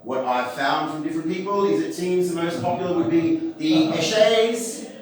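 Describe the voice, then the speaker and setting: A man works a live crowd in character, his voice pitched noticeably high. He talks in a chatty, self-deprecating way and keeps breaking off for asides. The sound is heavily echoey and distant, as if picked up from across a large venue. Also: moderate pace, slight background noise. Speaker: stand-up comedian. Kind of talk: live stand-up comedy in character. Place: comedy festival stage before a live audience.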